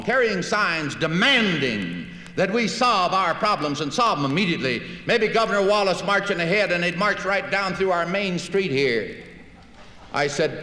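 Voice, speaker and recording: Male orator with a folksy storytelling delivery, voice a bit high, recorded in a reverberant hall. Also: fairly bright tone. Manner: folksy storytelling, acts out dialogue. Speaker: public speaker. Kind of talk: speech. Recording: echoey hall recording with faint hiss.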